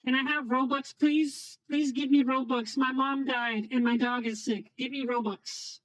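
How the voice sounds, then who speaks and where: Pleading child, high voice-changer pitch, bone-dry close sound. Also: male voice, steady tone, measured pace, fairly bright tone, dry recording, poor audio. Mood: whiny begging. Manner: pleading, whiny. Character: whiny little kid begging for game money. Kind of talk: streamer voice changer bit.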